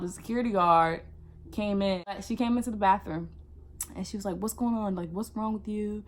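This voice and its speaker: A young woman vlogger telling a casual storytime, animated and acting out what people said. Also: medium pitch, fairly quick. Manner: animated, acts out quotes.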